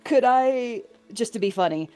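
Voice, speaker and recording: A woman playing a tabletop role-playing game, describing her character in a measured, casual way. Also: a little high, animated, dark tone, soft background music. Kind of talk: casual role-play chat.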